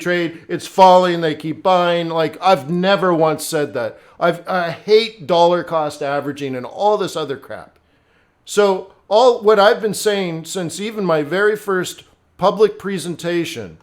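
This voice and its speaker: A middle-aged man hosting a live trading stream, talking bluntly and conversationally as he answers viewers by name. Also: high voice. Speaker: forex trading livestream host.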